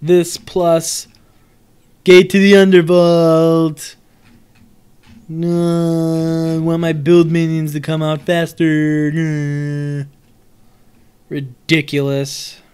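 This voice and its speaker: A young man streaming live as he reviews a card set. His talk is loose and lively, full of jokes and swearing, and he answers viewers in chat as he goes. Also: on the high side, very slow, long pauses, clean tone. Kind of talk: casual live-stream commentary.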